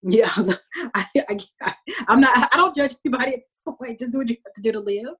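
A woman's voice: on the high side, fairly quick, pushed and bright, breathy edge. A woman hosting a casual podcast, recapping a TV episode in a chatty way with frequent laughs and fillers.

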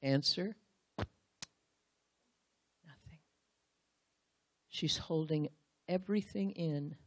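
A woman's voice: low voice, drawn-out words, a bit bright, no echo. A woman Bible teacher giving a sermon, speaking earnestly and straight to the husbands in the room, acting out the quotes she reads.

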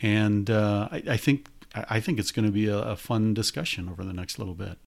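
A man's voice: on the low side, fairly even intonation, fairly quick, creaky. An older man hosting a podcast in casual chat, with a chatty, hesitant manner. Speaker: podcast host.

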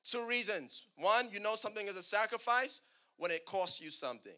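With a high-pitched, bright and forceful voice full of lively intonation, a male pastor preaches a little fast. His sermon uses call-and-response, urging the congregation to reply to him.

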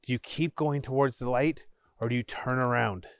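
A man hosting a podcast, narrating an interactive story in a measured way, with his voice dropping low for suspense. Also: steady tone, no echo, studio quality.

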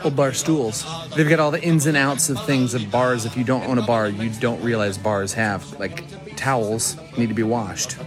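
A man's voice: medium pitch, steady tone, moderate pace, music in the background. A man hosting a travel vlog, chatty and enthusiastic as he tours a large warehouse. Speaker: travel vlogger.

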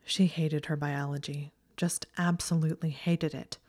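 A woman narrating a story aloud in a steady, even manner. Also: low-pitched, moderate pace. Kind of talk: audiobook narration of fan fiction.

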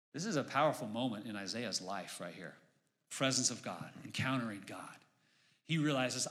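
Bright-toned pastor guy giving a sermon at church, gets loud and emphatic on the big points. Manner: emphatic, building to high exclamations on key points.

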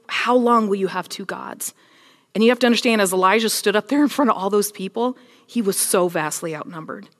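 A woman's voice: on the low side, in a large hall. A woman preaching a casual sermon, retelling scripture as a story and voicing the figures in it. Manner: casual, storytelling, animated with voiced quotes.

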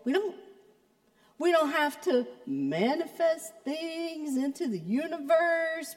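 A woman's voice: high-pitched, a little mellow, big-room sound. A woman pastor giving a sermon in a conversational, playful way, with joking asides to the congregation. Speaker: creative arts pastor.

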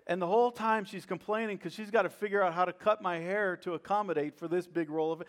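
A middle-aged man preaches a sermon in a slightly high voice. He teaches scripture, then slides into a lively, self-deprecating anecdote, with the easy storytelling manner of a pastor talking to his own church. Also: moderate pace.

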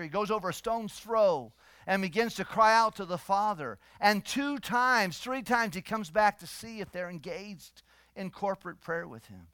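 Middle-aged guy preaching, goes quiet then loud and punchy, bit higher voice, dry close sound. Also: animated, normal speed, no room sound. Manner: emphatic preaching, swings between soft and loud. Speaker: pastor. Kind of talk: sermon.

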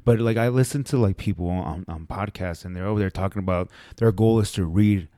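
A man's voice: sits low, a little fast, warm tone, no echo, studio quality. A man hosting a casual podcast chat, laid-back and swearing freely.

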